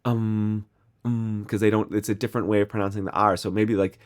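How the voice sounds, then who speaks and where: A man's voice: fairly low pitch, level tone, racing. A man from the American Midwest, co-hosting a podcast and recapping a TV episode in a rambling, chatty way full of fillers and restarts. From Midwestern United States. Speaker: podcast co-host.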